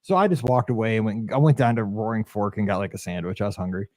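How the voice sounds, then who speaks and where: A middle-aged man co-hosting a podcast, telling an animated story and acting out the quotes in casual chat. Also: fairly low pitch, quick pace, no room sound, clean studio sound. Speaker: podcast co-host.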